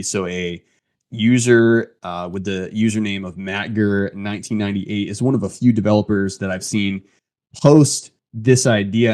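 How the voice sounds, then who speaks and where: A man's voice: lowish voice, a little mellow. A man hosting a casual tech podcast, talking conversationally and reading a post aloud. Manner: conversational, reads a post aloud, frequent restarts. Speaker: podcast host.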